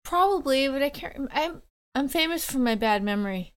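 A woman's voice: high-pitched, lively intonation, a little fast. A woman musician guest chatting casually in an interview, hesitant and self-deprecating, with many fillers.

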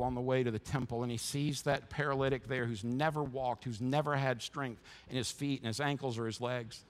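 A man's voice: medium pitch, creaky, a bit bright. A man preaching a sermon as pastor, impassioned and emphatic, often repeating words as he restarts.

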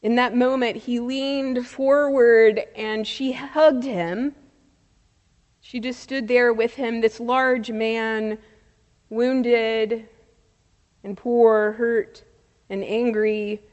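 Slow, measured woman preaching in a hall. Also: on the high side, fairly even intonation, lo-fi sound. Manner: slow, measured storytelling with soft pauses. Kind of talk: sermon. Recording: long reverb of a large hall.

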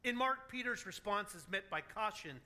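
A man preaching a sermon as a pastor, telling stories in an animated, joking way. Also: sits high, normal speed.

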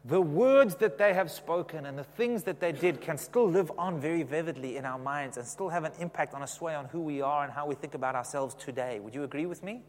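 Preacher in a reverberant hall. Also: male voice, fairly high pitch, brisk, hardly any pauses. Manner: conversational, asks the congregation questions. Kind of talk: sermon.

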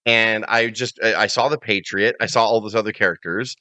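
A chatty male co-host who tells stories in a bright, forceful voice. His voice sits mid-range, and the recording is close and dry. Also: on the low side, fairly even intonation, brisk, dry recording. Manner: chatty storyteller. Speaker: podcast co-host. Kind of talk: casual podcast chat.

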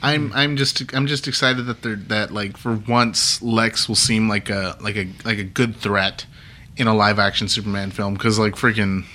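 A man's voice: on the low side, steady tone, normal speed, pushed and bright. A man co-hosting a podcast, chatting casually and rambling eagerly about comics and films with lots of restarts. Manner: rambling, enthusiastic, many restarts and acted-out quotes. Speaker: podcast co-host.

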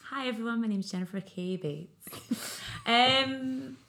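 A woman's voice: fairly high pitch, slow, a bit bright. A woman who runs a theatre company, talking casually as a podcast guest, a little self-conscious and rambling. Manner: self-conscious, rambling, many ums and restarts. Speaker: theatre director, interview guest. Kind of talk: casual interview chat.

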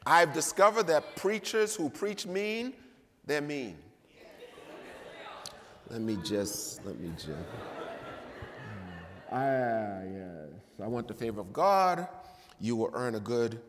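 Male preacher, slow emphatic sermon delivery with sudden loud peaks, recorded in a reverberant church. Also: fairly low pitch. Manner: emphatic, swings between loud and quiet. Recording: long reverb of a church hall.

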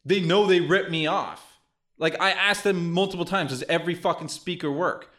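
A man talks on a casual podcast with a slightly raised pitch. He swears constantly and rants with lots of animation. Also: fairly quick. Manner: heavy swearing, animated ranting. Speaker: podcast co-host. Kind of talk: crude casual podcast chat.

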